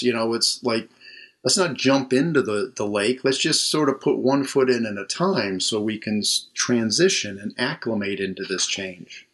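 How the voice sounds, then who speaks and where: Speaking from a room at home, a mental health counselor chats as a guest in a casual interview. His mid-range voice is lively and fairly bright, at normal speed, and he rambles and restarts his sentences.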